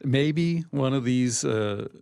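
A man's voice: medium pitch, takes it slowly, vocal fry, a little mellow, clear, resonant tone, no room sound. A man co-hosting a podcast, giving laid-back, dry short replies in casual chat. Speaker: podcast co-host.

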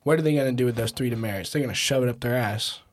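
A man's voice: medium pitch, rapid-fire. A teenage man hosting a podcast, joking and riffing in crude, profane banter. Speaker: podcast host. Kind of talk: casual chat.

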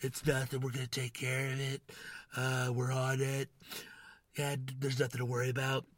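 A man mimicking a male politician who brushes off a crisis with halting, reassuring filler. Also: mid-range voice, completely flat delivery, no echo, natural voice. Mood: dismissive. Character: male politician giving offhand, dismissive briefings.

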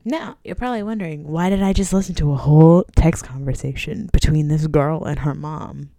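A woman's voice: deep voice, fairly quick, warm tone, dry recording, clean studio sound. A young woman who is sick and coughing, chatting casually in a sarcastic, self-mocking, rambling way. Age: young adult. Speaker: vlogger. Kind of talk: casual chat.

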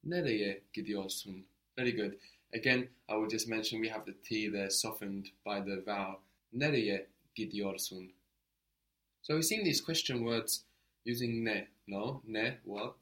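A man's voice: lowish voice, moderate pace, fairly bright tone. A man teaching a language lesson, explaining step by step and prompting his student to answer.

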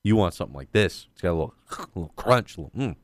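Man, casual co-host, lower voice, lively and profane storyteller, dry sound. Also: fast, no echo. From Southern California. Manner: animated storytelling, swears a lot. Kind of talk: casual chat.

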